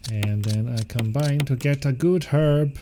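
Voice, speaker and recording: A British streamer mutters to himself during casual gameplay commentary, his humor dry and self-mocking. He speaks at a medium pitch and measured pace into a close, compressed mic, with game music and a noisy background behind him.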